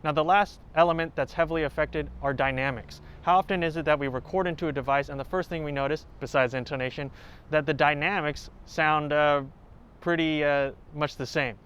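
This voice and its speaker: A man who plays violin, hosting a tutorial and calmly explaining step by step, now and then singing short examples. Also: on the high side, a little fast, a little hiss or hum. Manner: clear, explanatory, with sung examples. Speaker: violin teacher and channel host. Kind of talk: instructional talk to camera. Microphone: home recording setup.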